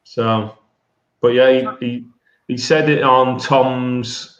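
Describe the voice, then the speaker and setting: A man's voice: medium pitch, fairly even intonation, takes it slowly. Man rambling on a roomy call. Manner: rambling anecdotes with fillers. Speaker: livestream guest. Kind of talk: casual chat. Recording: roomy, dull video call audio.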